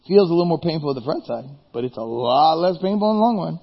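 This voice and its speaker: A man preaching a sermon as pastor, animated, firing rhetorical questions and then dropping suddenly quiet. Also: fairly high pitch, fast, slightly rough. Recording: dull reverberant hall recording.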